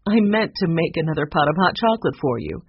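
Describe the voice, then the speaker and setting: A narrator voicing a kindly older housekeeper, gentle and worried, with a soft, fretful way of talking. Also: medium pitch, very animated, quick pace, breathy edge. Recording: dull lo-fi recording.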